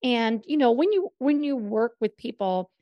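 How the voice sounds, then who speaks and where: A woman co-hosting a casual chat, explaining advice in a measured, steady way. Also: a little high, no echo, dull audio. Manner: measured, explanatory, gives tips. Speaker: co-host.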